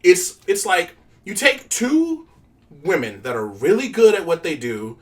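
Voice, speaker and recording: A woman's voice: on the low side, very animated, measured pace, far from the mic. A woman co-hosting a casual podcast chat, blunt, profane and opinionated. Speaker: podcast co-host.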